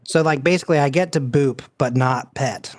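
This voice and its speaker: A man's voice: mid-range voice, normal speed, no echo, clean studio sound. A man playing a tabletop game, joking and reporting his dice rolls. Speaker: player.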